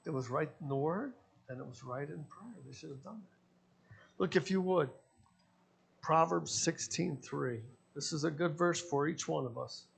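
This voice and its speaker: A pastor preaches a sermon woven with personal stories, acting out the dialogue he quotes. His voice is on the high side with vocal fry, at a moderate pace.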